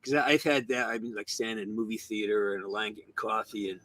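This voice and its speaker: A man's voice: fairly low pitch, fast talker, dry recording. A middle-aged man hosting a casual interview, telling stories with a distinctive voice and acting out what people said. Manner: animated storyteller, acts out voices. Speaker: show host.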